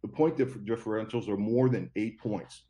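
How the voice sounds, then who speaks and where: A man's voice: lowish voice, normal speed, dark tone. A man giving sports betting picks as a guest, rambling and confident, often repeating himself. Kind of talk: casual podcast chat.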